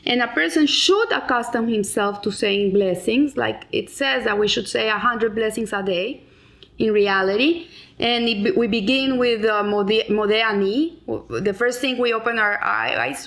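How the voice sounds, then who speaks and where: A woman's voice: on the high side, moderate pace, a bit bright. A middle-aged woman explaining a weekly Torah lesson in an earnest way, with frequent restarts and Hebrew terms. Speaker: Torah teacher.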